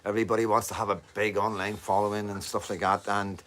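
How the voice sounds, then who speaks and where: A man's voice: fairly low pitch, level tone, fast talker, fairly bright tone. Rambling Northern Irish man live-streaming. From Northern Ireland. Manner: rambling, repetitive fillers, occasional swearing. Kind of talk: casual live stream monologue.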